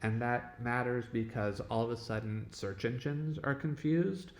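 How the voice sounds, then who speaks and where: A man's voice: medium pitch, normal speed. A man teaching a casual lecture, talking in a conversational way and often checking in with "okay?" and "right?". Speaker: web development instructor. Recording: echoey room.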